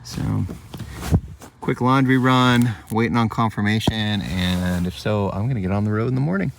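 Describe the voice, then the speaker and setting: Low-voiced man vlogging outdoors with traffic noise. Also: moderate pace, vocal fry. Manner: rambling, matter-of-fact, thinks aloud. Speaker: cinematographer vlogger. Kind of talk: casual travel vlog. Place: outdoors by a van on the road. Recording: noisy outdoor traffic ambience.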